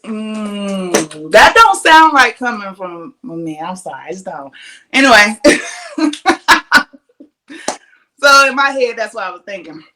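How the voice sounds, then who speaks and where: Brief: woman podcast host, casual profane storyteller, mid-pitched, laughs a lot. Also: takes it slowly, pauses often. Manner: animated, profane, laughs often.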